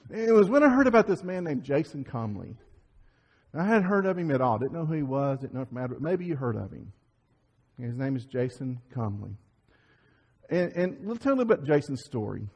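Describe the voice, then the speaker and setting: A man preaching a Sunday sermon, telling stories in a lively way, acting out quoted voices and often restarting his sentences. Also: medium pitch, fairly quick, breathy edge. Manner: animated storytelling, acts out quoted voices, many restarts. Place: church sanctuary. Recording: church sermon audio with long reverb.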